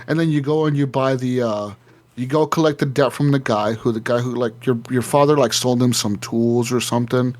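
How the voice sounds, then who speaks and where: A man on a gaming podcast, casually retelling a video game story with lots of swearing and acting out the characters' lines. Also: mid-range voice. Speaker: podcast co-host.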